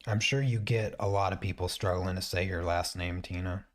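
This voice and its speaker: A man's voice: low-pitched, fairly even intonation, moderate pace. A man hosting a painting stream, chatting casually as he works and thinking aloud with frequent restarts. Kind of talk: casual chat while painting.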